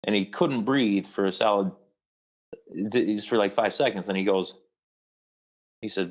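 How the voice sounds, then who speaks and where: Young man, very low voice, rambling storyteller, interview guest. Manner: rambling, with many restarts and pauses.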